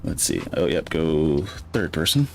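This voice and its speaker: Gravelly and very deep, this man's voice swings widely in pitch at a measured pace, over soft background music. He's a gaming streamer from Michigan with a Midwestern American accent, chatting casually through a farming game and rambling aloud with fillers galore.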